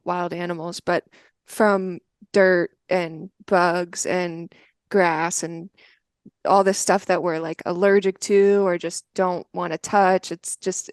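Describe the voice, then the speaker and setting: A woman on a podcast chatting casually and easily, reacting warmly to her co-host. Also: fairly low pitch, clear, resonant tone, no echo, clean studio sound. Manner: easygoing, responsive, laughs along. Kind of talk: casual chat.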